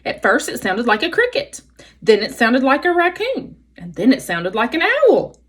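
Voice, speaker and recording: A woman's voice: sits high, very animated, moderate pace, breathy edge, pitched above the performer's own voice, full character voice. A woman voicing an alarmed male owl in a read-aloud storybook, speaking urgently to a crowd.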